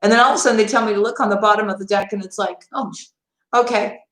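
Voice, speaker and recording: A woman's voice: mid-range voice, steady tone, rapid-fire, fairly bright tone, reverberant, rough recording. A woman tarot reader chatting to viewers on a live-stream reading, talking to them directly and laughing often.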